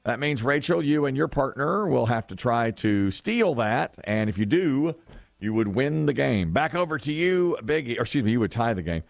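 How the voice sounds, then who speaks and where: A man's voice: mid-range voice, animated, moderate pace, creaky, no echo. A man hosting a quiz game on a radio show, upbeat and teasing, repeating the question for each player.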